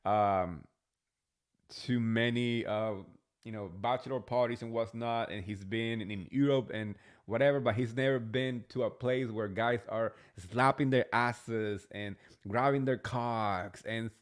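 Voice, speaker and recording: A man's voice: medium pitch, fairly even intonation, a little slow, smooth. A man hosting a casual reality TV recap, chatty and gossipy, swearing freely. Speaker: host.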